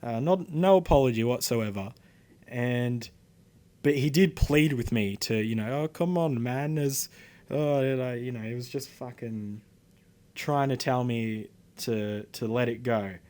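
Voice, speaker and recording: A man's voice: mid-range voice, a little slow, a little mellow. A teenage boy with an Australian accent, telling a rambling, indignant story to camera with many fillers and swearing. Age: teens. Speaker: vlogger.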